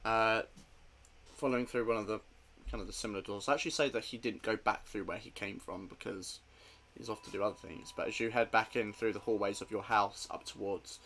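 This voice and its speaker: A man's voice: on the low side, fairly even intonation, a little fast, fairly bright tone. A man narrating as game master of a tabletop role-play, hesitant and full of fillers.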